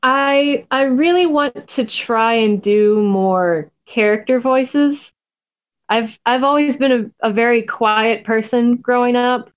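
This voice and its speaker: A soft-spoken woman being interviewed on a podcast, chatting casually with frequent laughs and restarts. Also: on the high side, slow pace, smooth, lo-fi sound. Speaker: podcast guest, new tabletop gamer.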